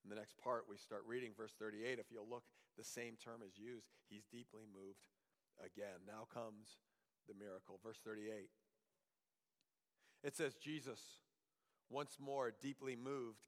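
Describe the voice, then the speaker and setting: A man's voice: lowish voice, fairly even intonation, a little slow. Earnest male pastor in a reverberant hall. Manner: earnest, rhetorical questions, drops to hushed reading. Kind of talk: sermon.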